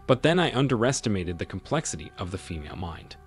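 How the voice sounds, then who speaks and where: A man narrating a scripted first-person story in a measured, expressive reading. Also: lowish voice, soft background music.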